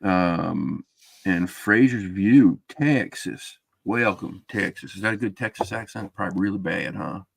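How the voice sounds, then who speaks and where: A man's voice: low-pitched, moderate pace, gravelly, no room sound. A man hosting a live podcast stream, chatting casually and rambling with lots of fillers. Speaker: podcast host.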